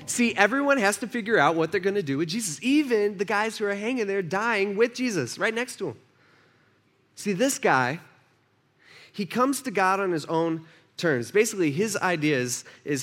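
A man's voice: high-pitched, animated, normal speed, fairly bright tone. A man preaching a conversational sermon, acting out the voices he quotes. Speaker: pastor.

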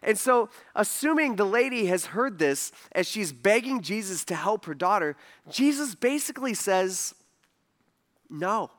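A man's voice: high voice, lively intonation, moderate pace, few pauses, fairly bright tone. A man preaching a casual sermon in a conversational way, full of asides and rhetorical questions. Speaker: pastor.

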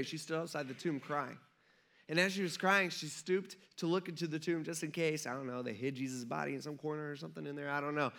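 A man's voice: on the high side, pushed and bright. A man in his thirties preaching a casual sermon as pastor, chatty and joking as he retells the story. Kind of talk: casual sermon with humorous asides.

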